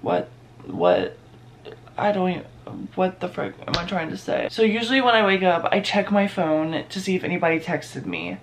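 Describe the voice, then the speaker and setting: A man's voice: high-pitched, very animated, moderate pace, a little hiss or hum. A young man filming a casual vlog at home in his bedroom and bathroom, talking in a sarcastic, self-mocking and dramatic way. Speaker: vlogger.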